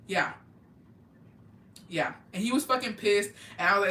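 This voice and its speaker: A woman's voice: medium pitch, lively intonation, normal speed, long pauses, pushed and bright, a little hiss or hum. A woman telling a casual storytime vlog, blunt and heavy on swearing, dropping Spanish words into her talk. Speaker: vlogger. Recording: echoey room, mic at a distance.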